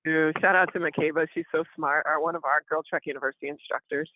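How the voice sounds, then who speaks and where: A woman co-hosting a podcast in casual chat, talking in a lively, expressive way. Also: sits low, fast, slight background noise. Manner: lively, expressive, quotes others playfully. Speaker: podcast co-host. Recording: dry, tinny phone-like line.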